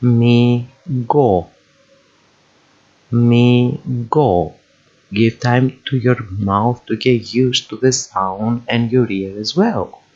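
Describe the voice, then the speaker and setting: A man's voice: medium pitch, slow pace, breathy edge. A man teaching reading as a language tutor, patiently repeating each word and syllable for the listener to copy. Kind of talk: slow instructional voice-over. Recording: dull lo-fi voice-over.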